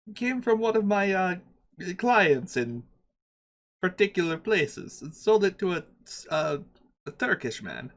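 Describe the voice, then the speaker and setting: A man's voice: sits high, lively intonation, pitched above the performer's own voice. A man voicing a short, hunched old male shopkeeper with a put-on foreign accent and broken English. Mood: regretful. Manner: fawning salesman, broken halting English. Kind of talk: tabletop game voice acting.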